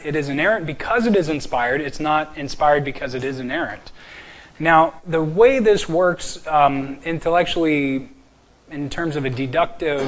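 A man lecturing a class from slides, his voice sitting a little high. He jokes and slows down to stress single words. The recording is dull and lo-fi. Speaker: apologetics teacher.

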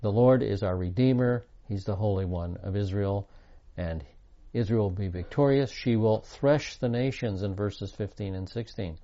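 A man's voice: on the low side, normal speed, mellow, dull audio. A man giving a Bible teaching with slides, reading scripture aloud in an earnest, emphatic way.

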